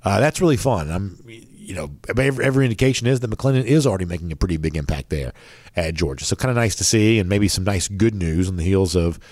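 A man's voice: sits low, expressive, fast talker, darkish tone, dry recording, clean studio sound. A man hosting a college sports podcast in a casual, rambling way, his voice nasal and worn from allergies. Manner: rambling with many fillers.

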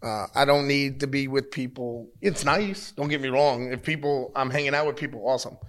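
A man in his thirties, a wrestler giving an interview, talking bluntly and with lots of swearing as he tells animated stories. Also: medium pitch, a little fast. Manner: blunt, profane, animated storytelling. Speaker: pro wrestler, interview guest. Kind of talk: casual interview talk. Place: at a wrestling show taping.

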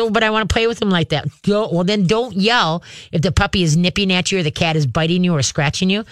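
Folksy chatty man, higher voice, dry. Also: no echo. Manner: folksy, chatty, demonstrates with growls and dog voices. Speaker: radio show host and pet trainer. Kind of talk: call-in radio advice.

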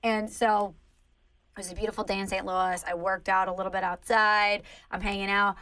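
A woman co-hosting a podcast, chatting casually and teasing her co-host in an animated way. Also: medium pitch, normal speed, low-quality recording. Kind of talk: casual chat. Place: Saint Louis.

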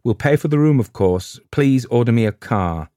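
A man's voice: medium pitch, lively intonation, moderate pace, warm tone, no echo, studio quality, voice pushed up, lightly acted. A man reading an audiobook, voicing a curt, harsh-speaking young husband under strain. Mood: tense.

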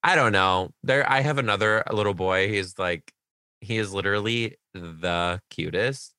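A young man, a teacher, chatting casually on a podcast with his mother, telling stories in an animated, giggly way. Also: fairly low pitch, unhurried, clean tone, no room sound, clean studio sound. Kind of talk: casual chat.

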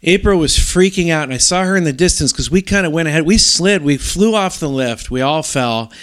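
A middle-aged man telling a long story in casual talk, rambling and animated, with many restarts. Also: a little high, fairly quick.

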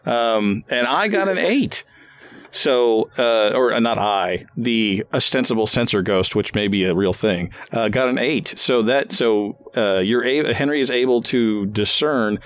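A man narrating as game master of a tabletop role-playing game, talking haltingly with many fillers and restarts. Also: medium pitch.

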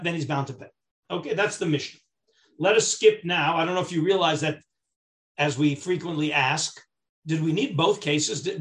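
A man, a rabbi, teaching a Talmud class, reading the text aloud and then explaining it step by step in English, checking that the class is following. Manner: animated, rising in pitch and volume when stressing a point. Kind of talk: Talmud study lecture.

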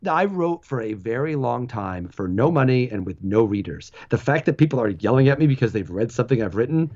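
Animated man, slightly dull lo-fi sound. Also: mid-range voice. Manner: animated, laughs often, frequent restarts. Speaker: guest, former sports website founder. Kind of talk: casual interview talk. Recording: dull lo-fi audio.

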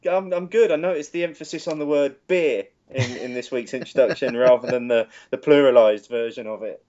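A man co-hosts a beer podcast, rambling eagerly with frequent ums and restarts. His voice is mid-pitched. The sound is dull and lo-fi. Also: fairly quick, warm tone. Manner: enthusiastic, rambling with many fillers. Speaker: podcast co-host. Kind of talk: casual beer podcast chat.

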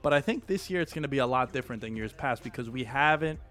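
A man's voice: medium pitch, lively intonation, quick pace, fairly bright tone, soft background music. A man hosting a solo sports podcast, talking loosely and with energy, swearing casually. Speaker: podcast host. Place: home studio, New York.

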